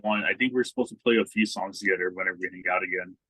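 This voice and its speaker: Husky laid-back man, casual podcast chat. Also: deep voice, steady tone, racing, bright, forceful tone, no echo, low-quality recording. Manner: laid-back, swears a lot, acts out quotes in a raised voice. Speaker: podcast co-host.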